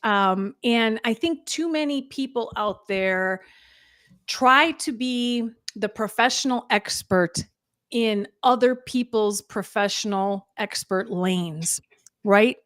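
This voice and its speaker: A woman's voice: fairly high pitch, slow pace, fairly bright tone, no room sound. A playful, chatty woman co-hosting a business show. She is recorded dry and close. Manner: chatty, playful, laughs at herself. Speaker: co-host. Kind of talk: casual video podcast talk.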